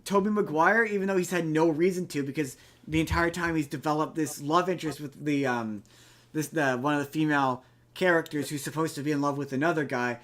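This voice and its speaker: A young man on a podcast talks through a film's plot in a rambling, casual way. He stops and restarts often and leans on fillers. His voice sits a little high. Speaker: podcast co-host. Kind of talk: casual movie chat.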